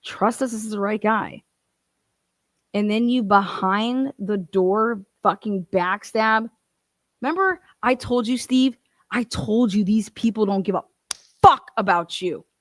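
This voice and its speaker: A woman's voice: mid-range voice, measured pace, no echo. A woman hosting a commentary channel, ranting in a profane, combative way and acting out other people's voices. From Ohio.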